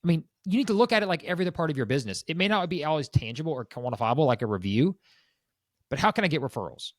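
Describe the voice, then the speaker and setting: Guy on a business podcast, broker type, talks fast and bouncy, acts out clients, dry close mic. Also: fairly high pitch, dry recording. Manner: animated, acts out clients' quotes. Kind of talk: casual podcast chat.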